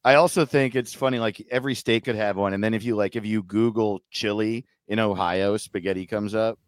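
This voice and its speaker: A man's voice: fairly low pitch, steady tone, a little fast, clean tone, dry recording. A man in casual comedic podcast chat, joking and slipping into silly voices. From Chicago area. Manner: joking, does silly put-on voices, laughs often.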